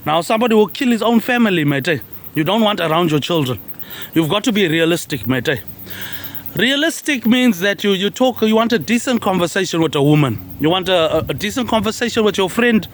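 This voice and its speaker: A man's voice: sits high, animated, fairly quick. A man rambling through an improvised, stream-of-consciousness monologue, repeating himself and tagging "mate" onto his lines. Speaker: social media personality.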